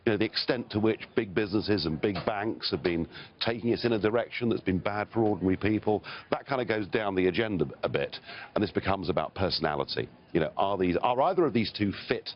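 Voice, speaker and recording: A man's voice: fairly low pitch, fast talker, dull audio. An English man speaking as a political guest in a live TV interview, blunt and emphatic, chuckling between points. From Britain.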